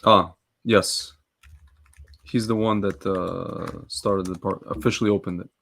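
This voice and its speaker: A man with a low voice chats on a podcast. He speaks in halting, hesitant phrases and readily agrees. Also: fairly even intonation, vocal fry, fairly bright tone. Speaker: podcast co-host. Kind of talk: casual chat.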